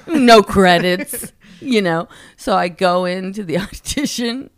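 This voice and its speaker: Woman comedian in her forties, animated storyteller, laughs often, close dry mic, mid-range voice. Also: medium pitch, slow pace, no echo. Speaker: stand-up comedian guest. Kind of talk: casual anecdote storytelling.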